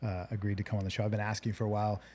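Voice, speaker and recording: A man hosting a relaxed interview, earnest and reflective, often restarting his sentences. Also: fairly low pitch, rapid-fire. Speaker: podcast host. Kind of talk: casual interview chat.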